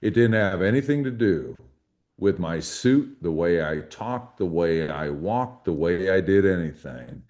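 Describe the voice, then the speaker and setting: A man with a fairly low voice speaks as a guest on a conversational podcast. His delivery is folksy and emphatic, and he tells stories while he argues his point. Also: expressive, measured pace, a little mellow. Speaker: hunting rights advocate, guest.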